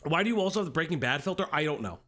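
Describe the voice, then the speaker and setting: A man's voice: on the high side, expressive, very fast, fairly bright tone. A man hosting a casual livestream from home on a desk microphone, greeting chat in a playful sing-song way and rambling in asides. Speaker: livestream commentary host. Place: home streaming room.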